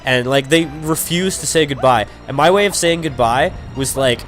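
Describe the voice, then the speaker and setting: A young Canadian man gives rambling, casual let's-play commentary while gaming, sprinkling in "like" and the occasional swear word. His voice is medium-pitched and fairly bright, at a normal speed, with faint game music playing behind him.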